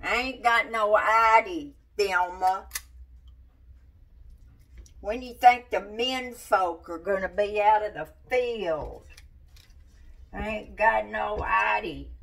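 A woman's voice: mid-range voice, fairly bright tone, distant mic. A woman putting on a fussy old country lady. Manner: drawling, folksy, grumbling. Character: old rural Southern woman, gossipy and fussing.

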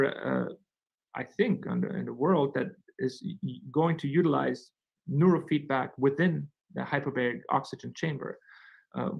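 A man speaking as a physician guest in a webinar, explaining in a halting way with many fillers and restarts. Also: medium pitch, creaky, low-quality recording.

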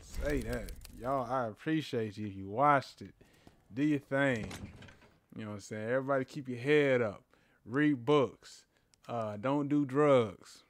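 A man casually commenting on a horror game as he plays, talking to his viewers and yelling when startled. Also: mid-range voice, a little slow, slight background noise. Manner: excitable, talks to viewers, yells at jump scares. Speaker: gaming channel host. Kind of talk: casual let's-play commentary. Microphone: headphones with a mic.

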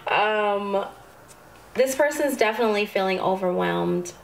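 A woman doing a tarot reading to camera, calm and spiritual, with sudden excited outbursts. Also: medium pitch, a little slow, a little hiss or hum, poor audio. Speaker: tarot reader.

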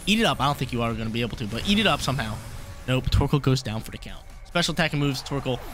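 A man casually calling the play-by-play of his own online battle, excitable and slangy, often repeating his lines. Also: mid-range voice, very fast, faint music behind. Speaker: game commentator.

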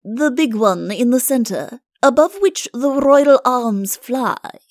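A woman's voice: fairly high pitch, animated, slow pace, dry recording, clean studio sound, voice pushed up. A woman voicing a pompous, quavering old male court chancellor in a storybook reading.

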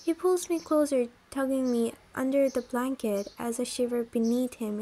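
A woman narrating a first-person romance story in a smooth, even reading manner. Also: on the high side, a little hiss or hum, low-quality recording.

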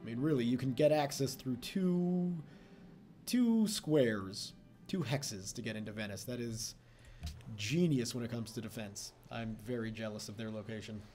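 A man's voice: mid-range voice, moderate pace, darkish tone, soft background music. A young man casually commenting on his strategy game session, chatty and self-mocking, laughing often. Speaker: let's play host.

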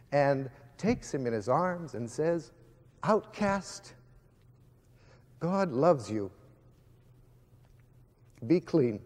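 Man, slightly higher voice, fiery storytelling speaker; long reverb of a big hall. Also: darkish tone. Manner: emphatic, storytelling, addresses the audience directly. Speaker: guest speaker addressing students. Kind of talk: impassioned preaching-style speech.

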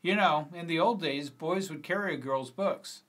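Male reader voicing an earnest schoolboy, slightly raised pitch. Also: moderate pace, fairly bright tone, slightly rough. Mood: friendly. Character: teenage schoolboy, eager and earnest. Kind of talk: screenplay reading.

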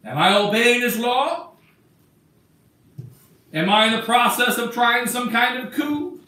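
High, echoing preaching bishop. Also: male voice, measured pace, sharp tone. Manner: emphatic preaching, voices Christ's words in quotes. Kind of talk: sermon. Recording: echoey church from far off.

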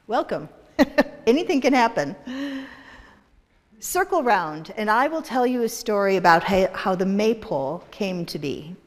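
A woman minister telling a story to her congregation, slow and deliberate. Her voice rises and falls with lively expression and rings with long reverb in a church hall. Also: mid-range voice. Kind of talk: storytelling in a worship service. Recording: echoey hall.

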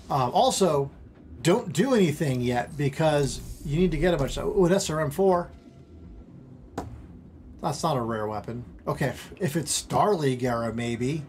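A man casually commentating his strategy game stream at home, rambling, interrupting himself and getting excited over small things. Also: medium pitch, a little hiss or hum.

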